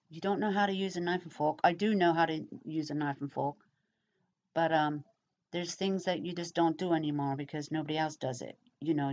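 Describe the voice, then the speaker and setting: A middle-aged vlogger from England, with an English accent, rambles casually to camera and uses many fillers. Her voice sits low with a darkish tone, and the recording sounds dull and lo-fi.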